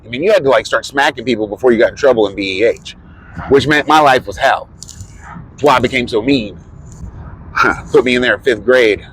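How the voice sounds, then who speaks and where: A man talking off the cuff in a casual vlog, rambling and profane, often laughing at his own stories. His voice sits at an ordinary middle pitch. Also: brisk, long pauses, a bit bright, slight background noise, poor audio. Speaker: vlogger. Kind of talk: casual storytelling.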